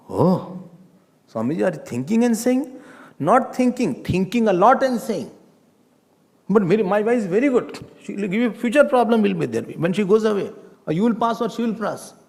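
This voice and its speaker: A high, lively male voice, delivering a scripture talk as a swami. He keeps it playful and humorous, slipping into little acted dialogues. His pitch leaps and dips all through. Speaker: swami, spiritual teacher.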